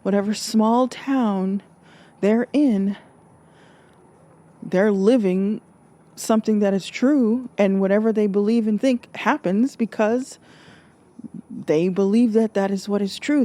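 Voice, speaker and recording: Mellow-voiced woman giving a spiritual talk. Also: medium pitch, a little slow, pauses often. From Alaska. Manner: earnest, restarts and rephrases, acts out quoted voices. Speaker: spiritual speaker. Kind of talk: reflective spoken monologue.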